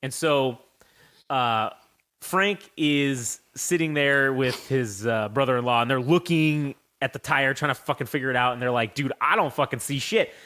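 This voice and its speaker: A young man hosting a casual podcast, telling stories in a profane, animated way. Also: mid-range voice, moderate pace, smooth. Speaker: podcast host.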